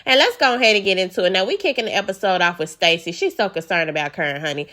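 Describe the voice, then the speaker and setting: Sassy woman vlogger, bright and sharp, outspoken recap host. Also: fairly low pitch, fast. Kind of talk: casual recap commentary.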